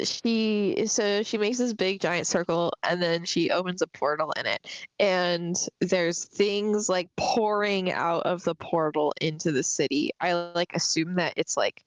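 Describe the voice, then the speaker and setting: A woman co-hosting a casual book discussion livestream, chatty and quick to laugh, swearing casually as she recaps. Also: lowish voice, no echo. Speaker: podcast co-host.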